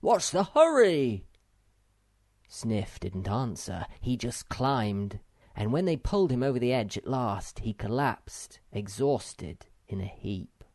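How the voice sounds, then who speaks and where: A man narrates an unabridged children's audiobook in an expressive storytelling manner. He reads slowly, his pitch ranging widely, and a gravelly texture runs through his voice. The recording is dry and close, with no room sound. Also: dry recording. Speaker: audiobook reader.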